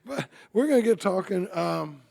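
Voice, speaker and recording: Man, 50s, podium recovery talk; folksy and joking, slightly higher voice, husky and gravelly. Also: lively intonation, darkish tone. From Texas. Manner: folksy, joking, halting with restarts. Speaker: AA convention speaker.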